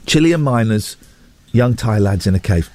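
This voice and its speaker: Lively middle-aged male host. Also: fairly low pitch, normal speed. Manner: animated storytelling, wry asides. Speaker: radio show host. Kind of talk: casual chat.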